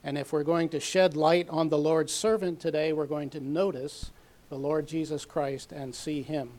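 A man teaching a sermon from a Bible passage, measured and methodical, reading scripture aloud with emphasis. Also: a little high, steady tone, a little mellow. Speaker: preacher.

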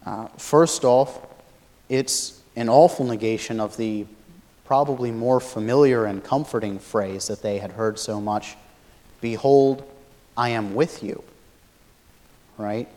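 A man giving a Bible study lecture, explaining a passage thoughtfully and pausing often to search for words. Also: fairly low pitch, steady tone, mellow. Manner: thoughtful, many fillers and restarts, explanatory. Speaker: Bible teacher.

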